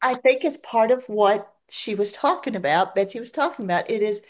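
A woman's voice: mid-range voice, lively intonation, fairly quick. An older woman in casual conversation, reassuring and supportive as she talks about her own habits. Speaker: friend in conversation, gives readings. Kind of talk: casual chat.

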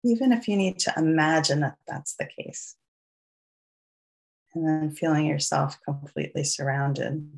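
A meditation teacher with a New York accent slowly and soothingly guides a loving-kindness meditation, gently inviting listeners to join. The voice is mid-range, creaky, and slightly rough.

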